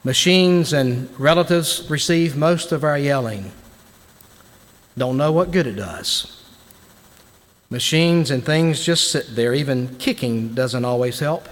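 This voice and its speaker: A man giving a sermon-style devotional to lawmakers, dramatic, swinging between loud bursts and hushed lines, at a podium microphone in a large chamber. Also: medium pitch, takes it slowly. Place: large legislative chamber, indoors. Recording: long reverb of a large hall.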